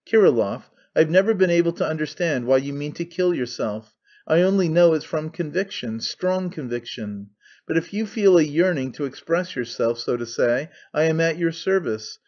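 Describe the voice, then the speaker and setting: A man reading an audiobook, voicing an excitable, scheming young conspirator who talks fast and wheedles. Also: fairly high pitch, lo-fi sound, natural voice. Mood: persuasive. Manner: fast-talking, wheedling, sly.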